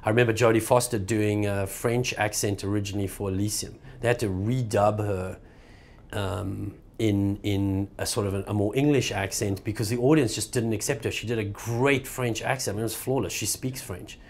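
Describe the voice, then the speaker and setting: A middle-aged man with a South African accent talks in an easygoing, casual way, tossing in "man" and "bro". His voice sits a little low. He laughs easily as he answers. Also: steady tone, moderate pace. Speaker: actor guest. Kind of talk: casual interview chat.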